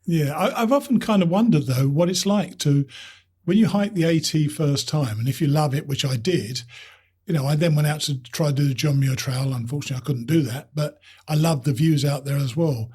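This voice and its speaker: A man hosting a hiking podcast, chatty and quick to laugh as he introduces and interviews a guest. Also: a little high, dark tone, slightly rough. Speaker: podcast host.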